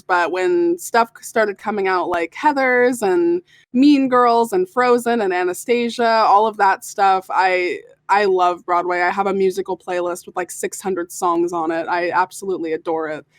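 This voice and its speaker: A woman's voice: medium pitch, fairly even intonation, moderate pace, dry recording. Giggly young woman, dry close sound. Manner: giggly, laughs often. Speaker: interview guest, voice actor. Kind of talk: casual interview chat.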